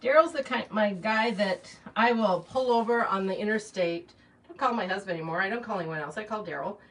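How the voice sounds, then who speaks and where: A woman's voice: mid-range voice, a little fast, fairly bright tone. A middle-aged woman chatting casually while she arranges flowers, rambling with lots of fillers and asides. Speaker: shop owner hosting a live chat. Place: small shop or home workspace, indoors. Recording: distant mic, faint background noise.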